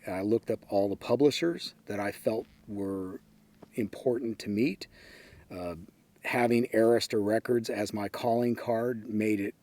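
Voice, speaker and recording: Easygoing and anecdotal, a man in his sixties from San Francisco, USA, a former record executive, answers interview questions with stories and frequent quotes from others. His voice has a fairly low pitch and darkish tone.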